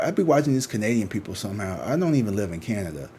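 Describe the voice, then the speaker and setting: A man's voice: on the low side, very animated, fast talker, few pauses, a little mellow, slight background noise. A man who reads tarot, chatting casually and rambling to his viewers, slangy and swearing freely. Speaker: tarot reader.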